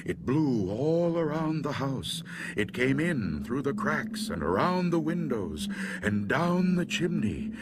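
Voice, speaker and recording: A man reading a spooky story aloud in a slow, hushed, dramatic way. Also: medium pitch, big pitch swings, very noisy. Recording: loud music underneath.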